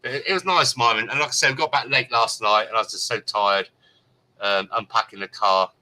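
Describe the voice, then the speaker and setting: A man's voice: lowish voice, fairly even intonation, a little fast, pushed and bright, poor audio. A man in casual chat, animatedly retelling a run-in by acting out both sides of the conversation. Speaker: friend telling a story.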